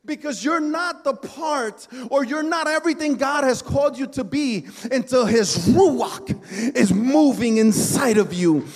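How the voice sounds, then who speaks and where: A man's voice: very high voice, darkish tone. A male pastor preaching a sermon in a church, with impassioned, repetitive calls to the congregation. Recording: long hall reverb.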